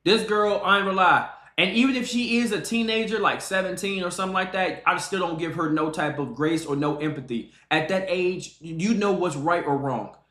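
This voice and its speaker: A man's voice: high voice, a little fast, few pauses, fairly bright tone, roomy sound. A man streaming, giving a mocking, emphatic reaction to a video and repeating himself for effect. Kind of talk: casual reaction commentary.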